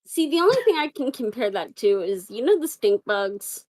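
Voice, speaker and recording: Female co-host, dry and plain-spoken, slightly high voice. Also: sing-song, normal speed, darkish tone, rough recording. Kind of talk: casual chat.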